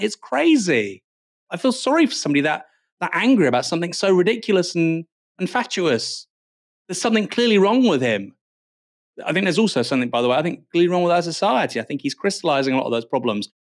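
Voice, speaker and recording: A man's voice: high voice, no room sound, clean studio sound. A middle-aged man giving emphatic, exasperated political commentary, often repeating himself for effect. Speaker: guest commentator.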